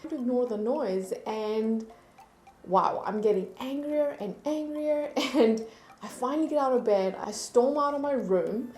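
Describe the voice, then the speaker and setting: A woman's voice: on the high side, unhurried. Chatty woman vlogger in an echoey room. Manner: chatty, animated storytelling. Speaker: beauty vlogger. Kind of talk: casual chat to camera. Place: indoor room at a desk.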